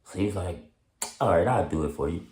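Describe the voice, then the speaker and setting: A man telling a story in casual street slang, laughing often and acting out quotes in high excited voices. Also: brisk, roomy sound. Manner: heavy street slang and profanity. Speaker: storyteller vlogger.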